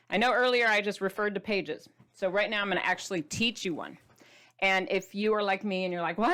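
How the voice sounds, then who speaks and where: A woman's voice: medium pitch, fairly bright tone. A middle-aged woman hosting a casual food vlog, chatty and playful, showing food to the camera with the odd dramatic whisper. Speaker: keto diet author and host.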